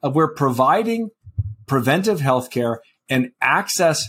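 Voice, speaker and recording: A man's voice: medium pitch, lively intonation, unhurried, a bit bright, husky. A man co-hosting a health policy talk show, arguing in a pointed, impassioned way. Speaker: podcast co-host. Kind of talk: casual policy discussion.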